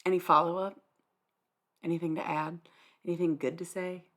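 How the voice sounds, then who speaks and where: A woman's voice: lowish voice, little pitch movement, moderate pace, a bit bright. A young woman livestreaming, answering her chat in a blunt, sarcastic, dismissive way and swearing freely. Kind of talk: live stream chat reply.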